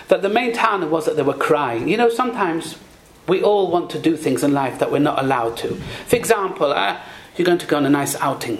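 A man's voice: sits high, fairly bright tone, low-quality recording. A man giving a Torah sermon, teaching in a sing-song cadence, weaving in Hebrew and Yiddish phrases and posing rhetorical questions to his listeners. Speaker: rabbi giving a Torah talk.

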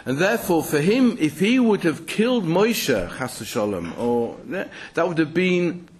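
A man teaching in a sermon, telling stories with lively restarts and asides. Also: fairly high pitch, slightly rough. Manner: animated storytelling, halting restarts. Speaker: rabbi teaching.

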